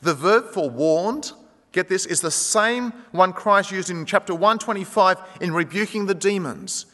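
A man preaching a sermon, animated, acting out the quoted speech of the people in his story. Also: sits high, unhurried. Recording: long hall reverb.

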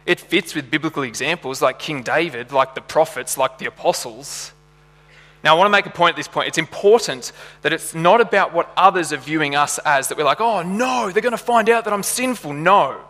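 A man's voice: fairly high pitch, sharp tone, big-room sound. A man preaching a sermon, earnest and building to passionate emphasis, with a slight hum behind him. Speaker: pastor.

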